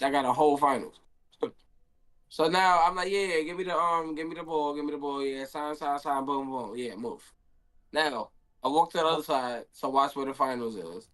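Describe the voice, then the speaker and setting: A man's voice: on the high side, a bit bright. A young man, a handball player, telling a story in a casual stream Q&A and acting out his own quotes.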